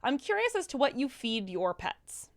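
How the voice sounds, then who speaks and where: A woman's voice: high-pitched, very animated, moderate pace. A woman co-hosting a stream, reading viewer questions and thanks aloud and tripping over words now and then. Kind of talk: reading chat messages aloud.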